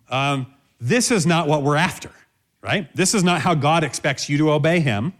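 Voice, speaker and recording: A man's voice: on the high side, expressive, moderate pace. A man teaching in a sermon style, direct and instructive, who stresses points by repeating key phrases.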